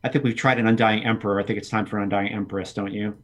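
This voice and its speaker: A man's voice: lowish voice, steady tone, racing, a bit bright, lightly acted. A man voicing a ruthless, scheming young noblewoman who talks with cold, profane contempt, in a tabletop game.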